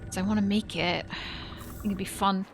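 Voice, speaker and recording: A woman's voice: medium pitch, steady tone, normal speed, vocal fry, background noise. A woman streaming a game, chatting casually and rambling with frequent fillers and self-corrections. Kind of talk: casual let's-play commentary.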